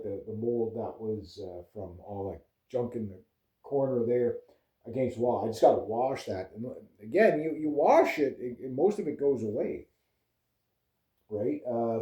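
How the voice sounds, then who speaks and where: A man's voice: mid-range voice, dark tone. A man vlogging in a loose casual chat, rambling with lots of fillers and restarts. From Canada. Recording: echoey room.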